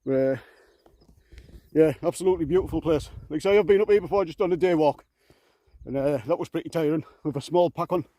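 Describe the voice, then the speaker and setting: A man's voice: a little high, mellow, no room sound. Breathless man vlogging on a hike. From England. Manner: halting with many fillers. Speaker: camping vlogger. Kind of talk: casual vlog while hiking. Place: outdoors on open moorland.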